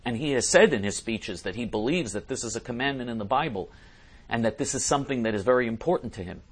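A man giving a political commentary monologue, emphatic and repetitive, who often clears his throat. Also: medium pitch, animated, fast.

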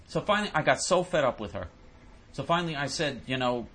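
A man's voice: a little high, big pitch swings, a little fast, sharp tone, slightly rough. A man hosting a show, ranting indignantly and stammering over repeated words while he answers listener questions. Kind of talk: ranting monologue.

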